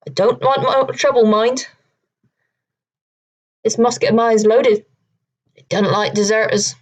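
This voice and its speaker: A woman doing a gruff London sailor with a musket. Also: fairly high pitch, steady tone, measured pace. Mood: menacing. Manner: threatening, shouting down.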